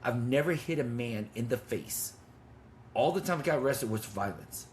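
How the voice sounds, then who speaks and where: A man's voice: mid-range voice, animated, moderate pace, a little mellow. Intense blunt guy, 50s, ministry leader, swears a lot, slight hiss behind. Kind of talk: testimony in conversation.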